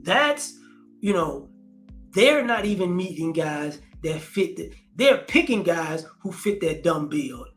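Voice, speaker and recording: A man's voice: fairly high pitch, sing-song, takes it slowly, fairly bright tone, faint music behind. A man hosting a casual commentary vlog, talking in slang, repeating phrases and acting out quotes. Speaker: host.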